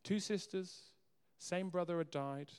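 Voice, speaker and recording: A man's voice: sits high, unhurried, clean tone. Male pastor preaching in a reverberant hall. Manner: earnest, swings between soft asides and emphatic rises. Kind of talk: sermon.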